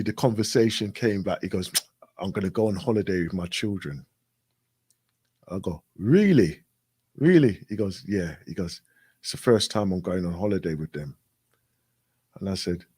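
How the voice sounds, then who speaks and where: A man's voice: lowish voice, darkish tone, breathy edge, dry recording. Man retelling conversations, dry close sound. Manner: retells conversations, acting out both sides; repetitive, frequent "right?" and "I goes". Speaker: radio show guest. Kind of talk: casual storytelling.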